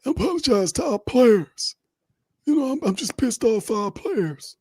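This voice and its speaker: A man's voice: very high-pitched, sing-song, moderate pace, warm tone, husky, dry recording, clean studio sound, pitched above the performer's own voice, exaggerated voice. A man doing a mocking impression of an exasperated football head coach who rambles through a press talk full of fillers. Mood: defensive.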